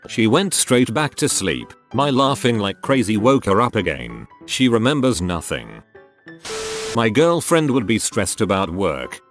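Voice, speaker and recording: A man reading online stories aloud as a narrator, with a steady storytelling delivery. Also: fairly low pitch. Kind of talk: scripted narration.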